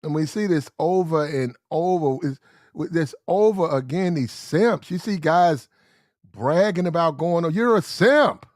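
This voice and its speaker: A man's voice: a little high, unhurried, a little mellow, no echo. Blunt slangy man in a dry room. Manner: blunt, slangy, repeats himself for emphasis. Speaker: commentary show host. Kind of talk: opinionated commentary.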